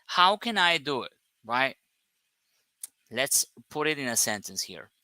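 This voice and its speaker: A man giving an English grammar lesson at a slow, careful pace, leaning on single words for emphasis. His voice is very bright and forward. He keeps checking in with short questions. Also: medium pitch, very animated, no room sound. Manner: explains step by step, stresses words one at a time. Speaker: English teacher.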